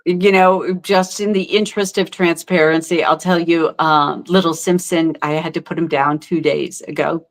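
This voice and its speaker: A middle-aged woman speaking as a guest in a candid podcast interview. Her voice sits a little low, and she talks in a heartfelt, halting way, full of fillers and restarts. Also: fairly even intonation.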